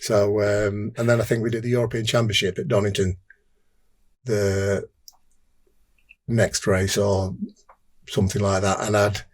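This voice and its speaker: An older Englishman with a Derbyshire accent, a former motorbike racer appearing as a podcast guest, speaks in a fairly low, flat voice at an unhurried pace with frequent pauses. He recounts his racing career in a rambling, casual interview story, restarting sentences and acting out bits of dialogue.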